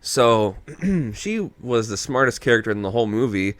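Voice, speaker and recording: A man's voice: mid-range voice, very animated, normal speed, no room sound. A tipsy man hosting a podcast, rambling through a movie recap in casual chat and swearing freely. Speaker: podcast host.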